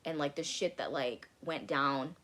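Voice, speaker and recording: A woman's voice: low-pitched, measured pace, a bit bright. A young woman telling a personal story in casual vlog chat, candid, swearing freely and saying "like" a lot. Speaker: vlogger.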